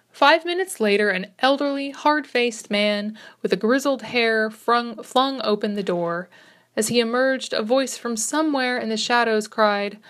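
A woman narrating a classic short story as an audiobook reader, in a measured, expressive reading. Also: a little high.

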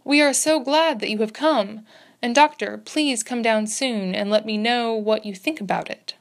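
A woman putting on a jittery, deferential husband from a storybook, eager and anxious. The voice is pushed higher and louder than her narration. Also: normal speed, close to an everyday voice.

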